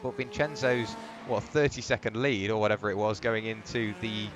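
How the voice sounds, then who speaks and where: A man commentating a sim race live, rambling and lively, building excitement at the finish. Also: lowish voice, moderate pace, noisy background.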